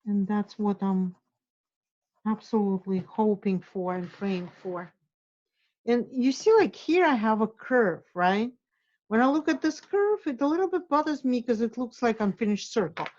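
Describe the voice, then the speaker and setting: A woman guides a drawing lesson, encouraging her students as she draws. Her voice is mellow and warm. The recording sounds somewhat dull. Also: on the high side, lively intonation, normal speed. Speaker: art instructor.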